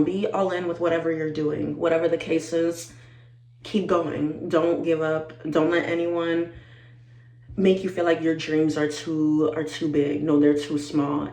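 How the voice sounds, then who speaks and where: Chatty young woman in an echoey room. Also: fairly low pitch. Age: 20s. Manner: animated and chatty, addresses viewers as y'all. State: teary-eyed. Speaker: vlogger. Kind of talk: casual chat to camera.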